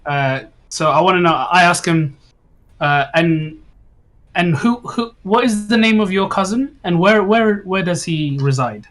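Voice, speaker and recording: A man playing a tabletop game, talking haltingly and repeating words as he works out his questions. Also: high-pitched, expressive, a bit bright. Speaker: player. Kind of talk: casual tabletop role-play.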